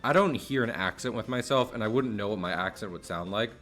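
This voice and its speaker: A man's voice: fairly low pitch, fairly quick, a bit bright, soft background music. A man from New Jersey streaming live in a casual chat, rambling, laughing often and swearing now and then.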